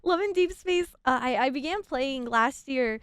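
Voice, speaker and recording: A woman's voice: high-pitched, expressive, normal speed, dry recording. A young adult woman streaming a game as a VTuber, chatting in a giddy, rambling way, full of restarts and laughs. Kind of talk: excited casual game stream chat.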